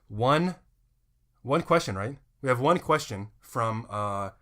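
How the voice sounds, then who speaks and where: A man's voice: medium pitch, expressive, slow pace, a bit bright. A man co-hosting a comedy podcast in casual chat, rambling, repeating himself and pleading with listeners. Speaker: podcast co-host.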